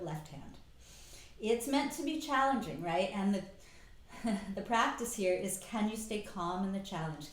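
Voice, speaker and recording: Middle-aged woman leading a yoga flow, gentle encouraging cues, bit breathless, big echoey room. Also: medium pitch. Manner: calm, encouraging cues, soft breathy exhales. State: slightly out of breath. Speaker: yoga instructor. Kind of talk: guided yoga class instruction.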